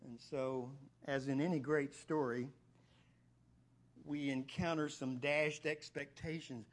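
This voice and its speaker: Animated higher-voiced male preacher. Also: a little slow, husky. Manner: animated, repeats words while building emphasis. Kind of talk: expository Bible teaching.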